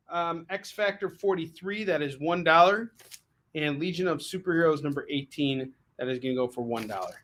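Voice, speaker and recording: A man's voice: on the high side, brisk, fairly bright tone. A man hosting a live stream where he sells comics, in loose casual chat that jokes, swears and stumbles over its own words. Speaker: host selling comics live.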